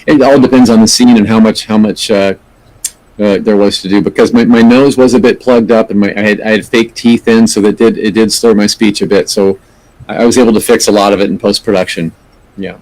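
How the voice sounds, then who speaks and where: Earnest, low-voiced man being interviewed. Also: steady tone, a little fast, a little mellow, low-quality recording. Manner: thoughtful, earnest, many small restarts. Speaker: actor, podcast guest. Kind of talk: conversational interview answers.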